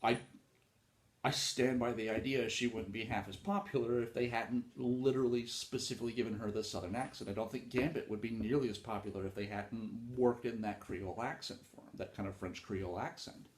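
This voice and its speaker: A man's voice: fairly low pitch, fairly even intonation, brisk, echoey room. A man hosting a casual solo talk on writing craft, rambling and informal with frequent fillers and some swearing. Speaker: podcast host talking about writing.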